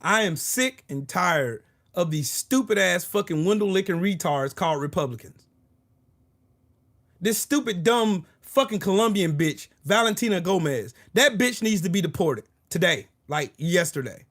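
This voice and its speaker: A man's voice: high voice, expressive, moderate pace, a bit bright. A man hosting his own political commentary video, ranting angrily and profanely, full of sarcasm and repeating short phrases for emphasis. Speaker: political commentary channel host.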